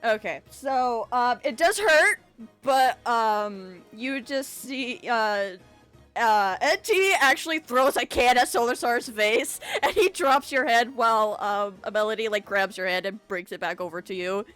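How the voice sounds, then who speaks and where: A woman's voice: on the high side, lively intonation, measured pace, fairly bright tone, faint music behind. A woman running a tabletop game as game master, casual, laughing often and swearing.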